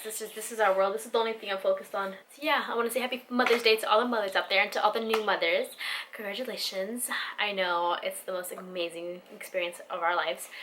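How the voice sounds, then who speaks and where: A woman's voice: medium pitch, background noise. A young woman, a vlogger and new mother, talking candidly and from the heart to camera, swearing casually and filling her talk with "like" and "you know". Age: young adult.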